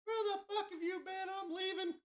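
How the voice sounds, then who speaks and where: A man mimicking an angry, impatient young woman in a shrill falsetto. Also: little pitch movement, brisk.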